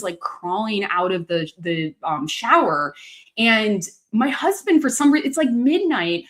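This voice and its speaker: Animated, laughing woman author on a call. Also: mid-range voice. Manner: animated storyteller, laughs often. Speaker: author guest. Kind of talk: casual video chat.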